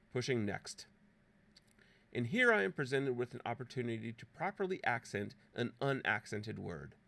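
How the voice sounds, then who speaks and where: A man's voice: medium pitch, vocal fry, fairly bright tone. A man presenting an app walkthrough as a scripted, playfully dramatic voice-over narration with theatrical exclamations. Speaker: presenter demonstrating a teaching app.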